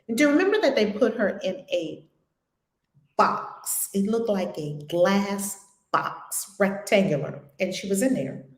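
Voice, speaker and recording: A woman leading an online spiritual study group, telling stories in an animated and emphatic way. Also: medium pitch, reverberant. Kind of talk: conversational spiritual teaching.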